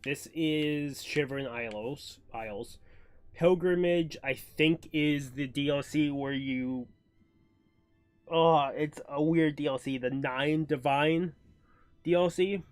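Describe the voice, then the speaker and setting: A man's voice: fairly high pitch, takes it slowly, smooth, no echo, faint music behind. A male streamer giving casual gameplay commentary, rambling and thinking aloud.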